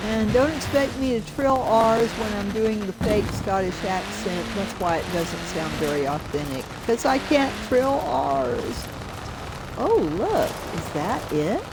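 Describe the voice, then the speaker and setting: A woman's voice: mid-range voice, lively intonation, a little slow, noisy background. An older woman streaming a racing game, chatting casually and giggling often. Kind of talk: casual live-stream commentary.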